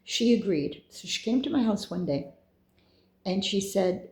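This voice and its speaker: A woman's voice: fairly low pitch, expressive, unhurried, mellow, roomy sound. A middle-aged woman telling a personal story in a chatty, meandering way, with asides and quoted dialogue. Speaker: storyteller recounting her own experiences.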